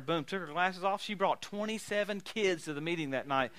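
Bright, high-voiced animated preacher man. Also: fairly quick, no room sound. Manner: animated storytelling, laughing, bursts of loud emphasis. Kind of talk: sermon with healing testimonies.

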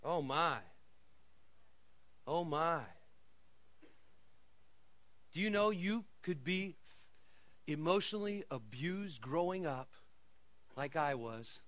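A middle-aged man preaching a sermon, swinging from quiet asides and laughter to shouted declarations. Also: fairly high pitch, lively intonation, slow pace, pauses often, no room sound. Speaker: pastor.

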